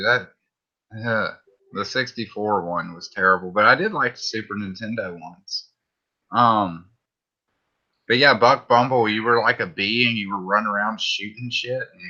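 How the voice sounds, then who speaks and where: A man's voice: lowish voice, unhurried, bright, forceful tone, lo-fi sound. A man with a Southern US accent chatting casually on a livestream, laid-back and swearing freely.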